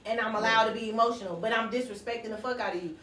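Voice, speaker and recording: A woman's voice: fairly high pitch, rapid-fire, a crowd in the background. A woman co-hosting a casual podcast chat, blunt and profane, talking over the others. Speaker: podcast co-host. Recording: echoey room, far from mic.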